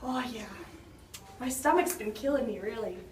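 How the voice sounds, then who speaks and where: A woman's voice: on the high side, normal speed, natural voice. A teenage girl playing a dramatic, complaining pregnant woman in a school skit. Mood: chatty. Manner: melodramatic, shrieking in labor. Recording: roomy far-off camera audio with noise.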